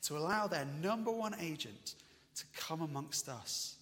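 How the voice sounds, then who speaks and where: A man's voice: fairly high pitch, animated, unhurried, a bit bright. A man voicing alarmed, suspicious early believers in an urgent, raised voice, with a long church reverb.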